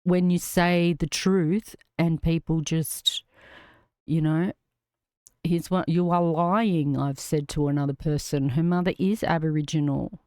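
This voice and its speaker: A woman's voice: low-pitched, fairly even intonation, measured pace, dark tone, clear, resonant tone, dry recording, studio quality. A middle-aged Australian woman hosting a livestream, ranting indignantly and swearing as she reads comments aloud. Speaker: livestream host.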